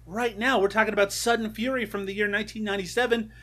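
A man's voice: high-pitched, steady tone, fast talker, pushed and bright. A man co-hosting a podcast, recapping a movie in a playful, teasing way and laughing often. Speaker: podcast co-host. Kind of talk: casual chat about a movie.

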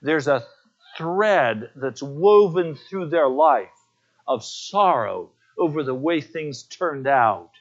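A man's voice: on the high side, lively intonation, slow pace, dull audio. A man preaching a sermon as pastor, telling personal stories in an earnest way.

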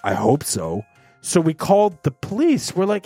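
A man hosting a podcast, telling stories in casual chat with an animated, swearing manner. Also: a little high, moderate pace, creaky, faint music behind. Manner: animated, swearing, laughing, acting out quotes. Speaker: podcast host.

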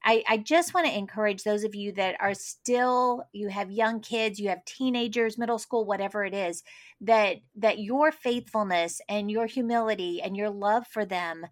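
A woman's voice: mid-range voice, moderate pace. A middle-aged woman hosting a homeschooling podcast, speaking in an encouraging, faith-minded way. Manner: warm encouraging, faith-based. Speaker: podcast host. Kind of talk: podcast interview.

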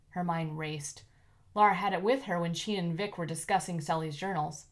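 Woman audiobook narrator, low-middle pitch, even and measured delivery.

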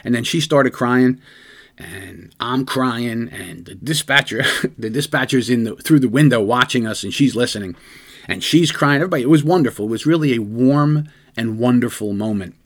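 This is a man who works as a detective and tells stories on his podcast. He speaks at a middle pitch and in a conversational way. He often circles back and restarts his sentences as he talks earnestly through a memory. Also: normal speed. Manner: earnest, rambling, with frequent restarts. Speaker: podcast host and police detective. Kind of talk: conversational storytelling.

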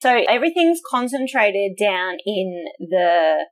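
A woman co-hosting a podcast who carefully explains survey findings in a measured way, with light laughs. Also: medium pitch, sing-song. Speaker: podcast co-host with a research doctorate. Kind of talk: casual podcast chat explaining survey data.

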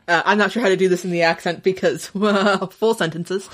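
A woman playing a tabletop game, with wry, quick remarks. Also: mid-range voice, steady tone. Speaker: player.

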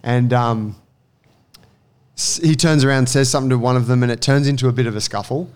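Man, casual storyteller, smooth resonant tone, mid pitch. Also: a little fast. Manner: animated storyteller, acts out quotes.

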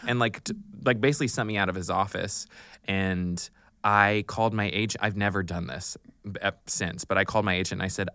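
Lively low-voiced male actor telling a story. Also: brisk, dry recording, clean studio sound. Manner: animated, acts out the voices in his story; chuckles often while he talks. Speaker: actor guest. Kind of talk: anecdotal storytelling.

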